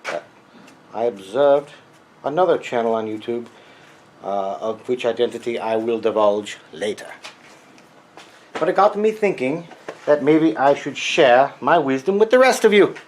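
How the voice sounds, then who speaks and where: Workshop grouch, mock Freudian accent, dry sarcasm, mid-pitched voice, faint noise behind. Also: male voice, lively intonation, a little slow, long pauses, poor audio. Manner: grumpy, dry sarcastic asides. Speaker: workshop vlogger. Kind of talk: rambling workshop monologue. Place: home workshop.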